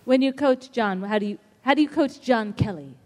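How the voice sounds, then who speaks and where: A woman with a high voice moderates a live panel, asking questions in a lively, playful manner. Her voice rings out with a long reverb, as if heard across a hall. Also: moderate pace.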